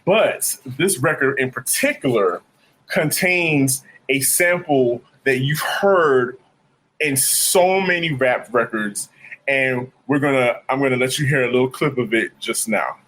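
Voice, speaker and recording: A man's voice: medium pitch, a little slow, a bit bright. A man, a DJ co-hosting a podcast, telling stories about records in a laid-back, casual chat. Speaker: podcast co-host, DJ.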